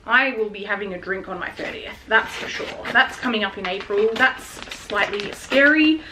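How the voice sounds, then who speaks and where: A pregnant woman in her late twenties vlogs at home while wrapping gifts, talking at normal speed in a mid-range voice. Frank, chatty and a little out of breath, she swears and laughs a lot. Background noise is present.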